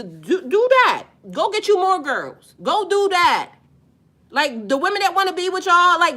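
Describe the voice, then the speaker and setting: In what seems to be an off-the-cuff video, a woman who works as a spiritual life coach addresses her audience head-on with a bright, high voice. She curses freely, speaks bluntly, and drives her points home by drawing out the words she emphasizes.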